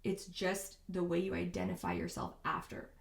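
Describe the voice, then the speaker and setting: A woman's voice: lowish voice, normal speed, gravelly, reverberant. A woman hosting a self-help talk, speaking casually and candidly with frequent fillers. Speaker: podcast host.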